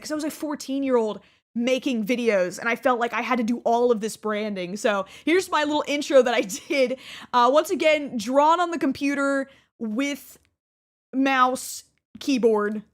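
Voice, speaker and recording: A woman in her twenties talks in a high, light voice. She looks back on her early gaming videos in a loose, casual way. Her speech is full of fillers and quick asides that poke fun at herself. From Texas. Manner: chatty, many fillers and quick self-mocking asides. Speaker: gaming creator. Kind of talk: casual reflective chat.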